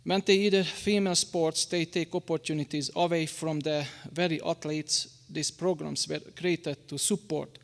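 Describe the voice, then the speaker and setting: A tired man with a Hungarian accent, speaking haltingly and apologetically as a public commenter at a school board meeting. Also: fairly high pitch. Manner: halting, apologetic, many restarts. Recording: long reverb of a meeting hall.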